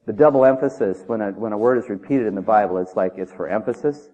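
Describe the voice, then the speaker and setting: A man's voice: lowish voice, quick pace, warm tone. A man preaching a sermon in an emphatic, conversational way, often asking the listeners questions. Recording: tinny phone-like audio.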